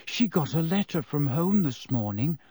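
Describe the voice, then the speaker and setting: A man voicing a schoolgirl who speaks in a low, hushed whisper-like tone. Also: very animated, normal speed, slightly rough, dry recording, clean studio sound. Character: schoolgirl comforting a friend, hushed. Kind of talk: audiobook character voice.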